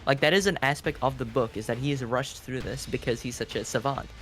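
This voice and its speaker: A man casting a live strategy game, chatty and quick with asides. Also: medium pitch, fairly bright tone, soft background music. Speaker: esports caster.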